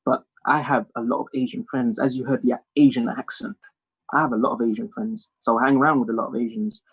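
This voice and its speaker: A man's voice: medium pitch, quick pace, husky, lo-fi sound. A man doing a stand-up comedy monologue, telling self-mocking stories. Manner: storytelling, animated, self-mocking.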